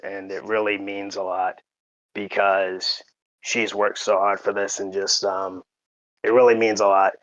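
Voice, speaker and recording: A man co-hosting a podcast, talking in a halting, emotional way full of fillers and restarts, fighting back tears. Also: lowish voice, a bit bright, no room sound, muffled recording. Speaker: podcast co-host. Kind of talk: casual podcast chat.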